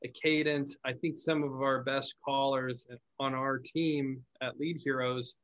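A man hosts a casual podcast conversation about phone sales. He talks in a loose, explanatory way and often circles back to restart his sentences. His voice sits at an ordinary middle pitch. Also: a little slow, poor audio. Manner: relaxed, explanatory, repeats and restarts words. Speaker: podcast host, call center owner.

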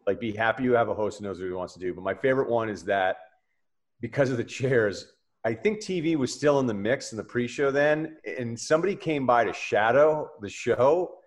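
Guy in his 40s running a talk show, blunt, gets loud when he tells a story. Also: mid-range voice, brisk. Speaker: podcast host. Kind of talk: casual chat.

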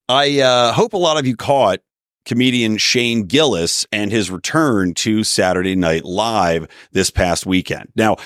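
A man's voice: on the low side, fairly bright tone, no echo, studio quality. A man, hosting his own podcast as an opinionated solo commentator who rants with wry asides. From Philadelphia area. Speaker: podcast host.

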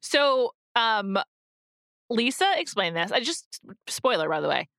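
A woman's voice: a little high, very animated, a little slow, gravelly, fairly bright tone, dry recording, studio quality. A woman co-hosting a podcast in casual chat, talking with lots of "like" fillers and restarts. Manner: chatty, many "like" fillers and restarts. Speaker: podcast co-host. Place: in New York.

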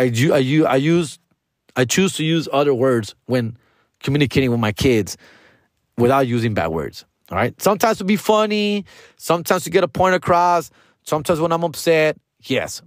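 A man's voice: medium pitch, no room sound, studio quality. A man in his forties hosting a podcast, talking in a casual monologue that is full of profanity and slang and sprinkled with Spanish phrases. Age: 40s. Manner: profane, slangy, frequently addresses listeners as dog and fool. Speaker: podcast host.

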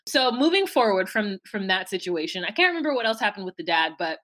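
A woman co-hosting a casual podcast, recapping a reality show in an animated way, laughing and acting out quotes. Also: mid-range voice, quick pace, few pauses. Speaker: podcast co-host.

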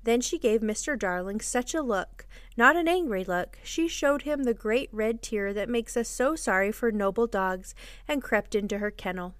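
Female storybook narrator, expressive, higher pitch. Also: moderate pace, dry recording. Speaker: podcast host and reader.

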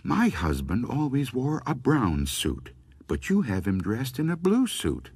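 A man voicing a polite widow who thanks an undertaker, in a gentle, appreciative way. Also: medium pitch, huge pitch swings, a little slow, slightly rough, dry recording, heavily acted. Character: polite grateful widow at a funeral parlor.

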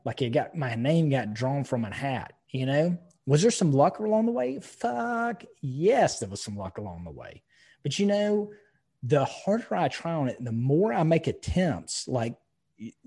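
Man, middle-aged, husky voice, casual podcast host, emphatic storyteller, swears freely. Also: mid-range voice, mellow. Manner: emphatic storytelling with frequent profanity. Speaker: podcast host, insurance agency owner.

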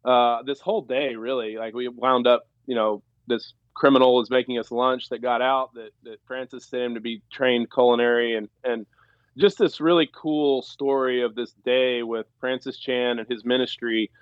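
A man's voice: mid-range voice, steady tone, normal speed, dry recording, dull audio. A man, a former pro ballplayer, telling a story on a podcast in a loose, rambling way with many fillers and restarts. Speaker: former pro baseball player, podcast guest. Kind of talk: casual storytelling.

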